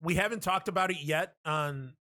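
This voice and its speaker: Profane, animated man on a podcast. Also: a little high, normal speed, no echo. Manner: profane, animated retelling with impressions. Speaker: podcast co-host. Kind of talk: casual podcast chat.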